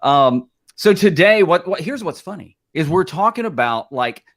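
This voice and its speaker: A middle-aged man co-hosting a live stream with loose, joking banter. His pitch swings widely from line to line, and he is quick with a playful aside as he greets viewers. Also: animated, a bit bright. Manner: jokey, playful, slips into silly accents. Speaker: co-host.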